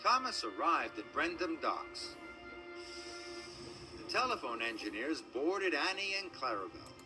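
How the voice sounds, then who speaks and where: A man reading a children's train story aloud in a gentle, expressive storytelling manner. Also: on the high side. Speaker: narrator. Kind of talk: storybook narration. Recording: music playing underneath.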